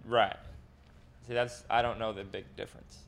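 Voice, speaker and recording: A man co-hosting a podcast in casual chat, rambling and self-deprecating with halting restarts. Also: on the low side, flat delivery, gravelly, fairly bright tone. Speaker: podcast co-host.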